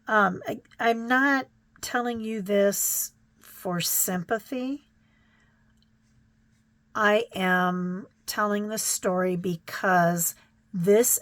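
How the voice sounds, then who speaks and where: Slow, gentle woman vlogger, dry sound. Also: mid-range voice, no echo. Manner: reflective, gentle, emotional, many ums and restarts. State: choked up. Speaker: crafting vlogger. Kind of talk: casual chat to viewers.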